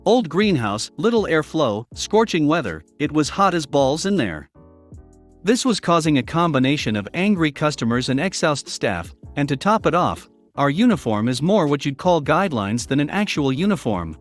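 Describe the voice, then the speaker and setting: A man narrating reddit revenge stories in a scripted, animated storytelling manner. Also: fairly high pitch, moderate pace. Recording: faint background music.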